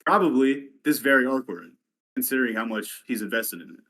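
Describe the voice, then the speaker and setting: A man who is a guest on a casual podcast, chiming in with easygoing, teasing remarks. His voice sits at an ordinary middle pitch. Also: a little fast, pushed and bright. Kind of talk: casual chat.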